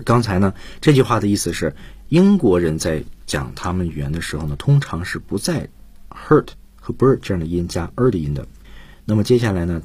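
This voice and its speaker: A man co-hosting a radio English lesson, explaining patiently with fillers and halting English, a Chinese speaker. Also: sits low, a little mellow, slightly rough, no room sound. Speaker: radio English teacher co-host.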